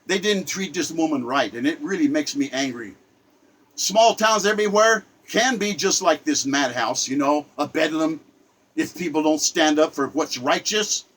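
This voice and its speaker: A man's voice: on the high side, normal speed, a bit bright, rough recording. An older man delivering an impassioned spoken rant, indignant and repetitive, often stammering and restarting his sentences. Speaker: self-styled poet giving a spoken commentary.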